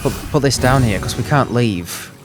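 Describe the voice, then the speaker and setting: A man hosting a let's play, chatting excitedly and thinking aloud as he plays. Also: medium pitch, normal speed, music in the background. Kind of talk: gaming commentary.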